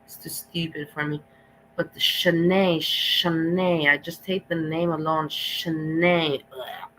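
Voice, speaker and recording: A woman's voice: low voice, fairly even intonation, takes it slowly, fairly bright tone, slight background noise, low-quality recording. A woman reacting on a live stream, talking bluntly and emotionally with frequent laughter.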